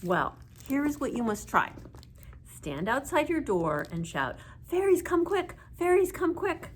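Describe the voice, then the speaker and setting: A woman voicing a knowing village wise woman in a storybook read-aloud, giving instructions in a measured way. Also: medium pitch, very animated, slight background noise. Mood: instructive.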